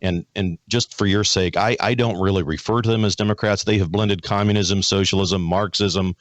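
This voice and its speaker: Folksy low-voiced American talk show host. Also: male voice, fairly even intonation, normal speed, no room sound. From United States. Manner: folksy, repeats words, many restarts. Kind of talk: conservative talk show hosting and ad reads.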